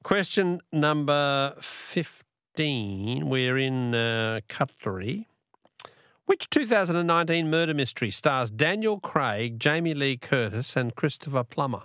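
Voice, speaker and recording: A man's voice: medium pitch, animated, moderate pace, fairly bright tone, dry recording, studio quality. A middle-aged Australian man hosting a radio talkback quiz in a chatty, chuckling way. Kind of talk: casual radio chat. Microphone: studio microphone.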